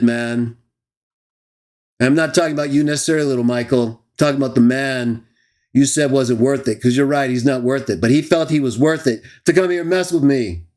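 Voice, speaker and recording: A man hosting a live stream, ranting and mocking his critics with scornful laughs. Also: a little high. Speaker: host of a live stream show. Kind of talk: heated live stream rant.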